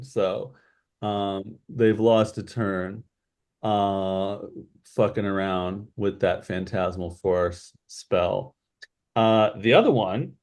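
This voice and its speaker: A man running a tabletop game as game master, unhurried and full of fillers. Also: on the low side, a little mellow.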